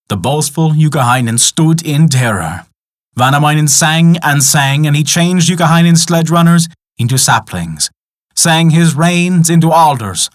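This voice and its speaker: A man narrating a folk tale in an expressive, dramatic storytelling style. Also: fairly high pitch, no room sound, studio quality.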